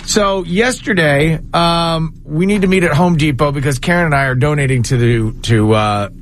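A middle-aged man telling a funny story in casual banter with a co-host, animated and jumping up in pitch for quoted voices. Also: normal speed, a little hiss or hum.

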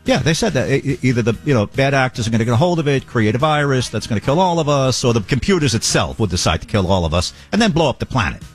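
A man's voice: mid-range voice, sing-song, fast talker, hardly any pauses, faint music behind. A man hosting a show, giving joking political commentary and mocking impressions. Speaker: radio show host.

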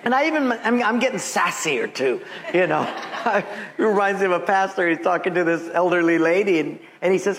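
A man's voice: high voice, big pitch swings, a little slow, long pauses, background noise. A man in his seventies, a pastor preaching to his congregation with folksy stories, chuckling at his own punchlines. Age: 70s. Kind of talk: sermon with jokes. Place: church sanctuary with congregation. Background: congregation laughing.

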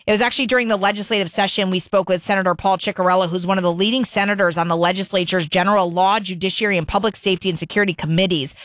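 A woman's voice: mid-range voice, fairly bright tone, no room sound, clean studio sound. A woman hosting a talk radio show, delivering an emphatic opinion monologue and repeating herself for stress.

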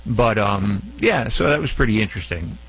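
A man hosting a pet call-in radio show, telling stories in a chatty, animated way. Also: on the low side, normal speed, husky, poor audio. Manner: storytelling, chatty, animated retelling. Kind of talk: casual radio chat.

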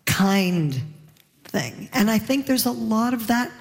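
A Canadian woman on a discussion panel, telling anecdotes in an animated way and laughing as she talks. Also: a little high, takes it slowly. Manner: animated storyteller, laughs while talking. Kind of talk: casual panel talk. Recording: long hall reverb.

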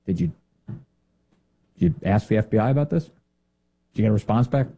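A man's voice: fairly low pitch, a little fast, mellow, lo-fi sound. A man hosting a political commentary show, talking in a sarcastic, mocking way and mimicking others in silly voices.

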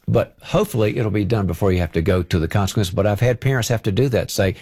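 A man, a parenting author, giving calm, direct and practical advice as a guest on a talk show. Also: on the low side, fast talker, husky, no room sound, clean studio sound.

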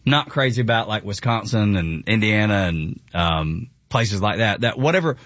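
A man's voice: lowish voice, lively intonation, normal speed, a bit bright, no room sound, dull audio. A man with a Southern US accent, hosting a casual chat, enthusiastic and often laughing. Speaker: show host.

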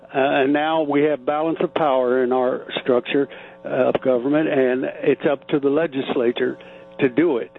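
A man calling in to a radio show, talking haltingly with many fillers and repeats. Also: mid-range voice, fairly even intonation, creaky, faint music behind. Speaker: caller. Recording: tinny phone line with hum.

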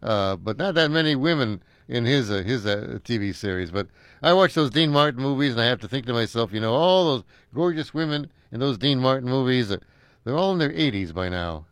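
An older American man chatting casually, rambling and chuckling, pausing often with halting fillers. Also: mid-range voice, animated, a bit bright, no echo. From United States. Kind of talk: casual chat.

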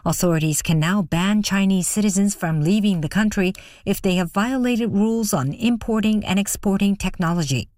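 A woman newsreader reading headlines in a steady, formal way. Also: medium pitch, moderate pace, hardly any pauses, no echo, studio quality. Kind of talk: news reading.

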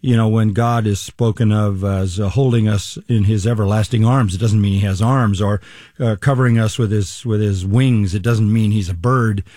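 Older pastor, mellow and measured. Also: male voice, on the low side, steady tone, dry recording, clean studio sound. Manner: deliberate, measured, with frequent restarts. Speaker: pastor and Bible teacher. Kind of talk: interview conversation.

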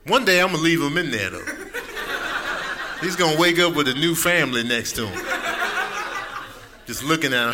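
A man's voice: medium pitch, fairly quick, long pauses, noisy background. A man in his thirties doing a stand-up comedy set, acting out characters in raised voices.

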